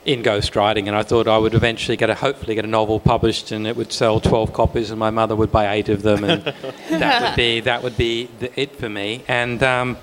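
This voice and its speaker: A man's voice: on the low side, a little fast, hardly any pauses, a little hiss or hum. A man, an author on a panel, telling a wry, self-deprecating story with laughs. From Australia. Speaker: author guest.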